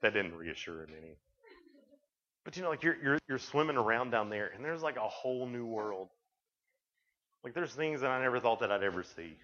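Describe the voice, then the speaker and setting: This man's medium-pitched voice is expressive, bright and forceful, moving fairly quickly but with long pauses. He delivers a folksy, chatty storytelling sermon to young people, acting out dialogue in quotes, on a dull lo-fi recording.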